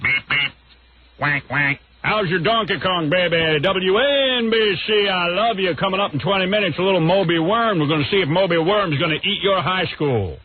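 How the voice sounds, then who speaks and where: A man's voice: sits high, normal speed, slight background noise, pitched above the performer's own voice, lightly acted. A man doing an impression of a goofy old-school male morning disc jockey with silly, quacking, sing-song patter. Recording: tinny phone-like radio recording.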